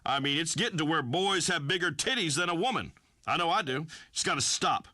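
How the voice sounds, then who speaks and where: An actor playing a brash, folksy redneck farmer who hosts a talk radio show, blustering through rambling pronouncements. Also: male voice, on the high side, expressive, brisk, pushed and bright, dry recording, studio quality. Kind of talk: comic talk radio acting.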